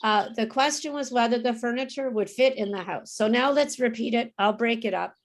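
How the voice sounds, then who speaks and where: A woman teaching English pronunciation in an online class, saying words clearly and patiently for students to repeat. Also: fairly high pitch, a little fast.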